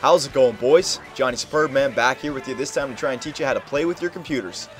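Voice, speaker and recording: A man's voice: mid-range voice, fast, a bit bright, faint music behind. A young man hosting a casual game tutorial, explaining plays over footage in a coaching tone and often checking in with "okay?". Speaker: video game tutorial host. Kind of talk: casual gameplay tutorial commentary.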